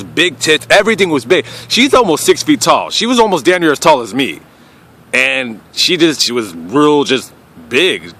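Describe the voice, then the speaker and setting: A young man telling a crude personal story to camera in a casual, rambling way, often trailing off quietly. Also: mid-range voice. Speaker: vlogger.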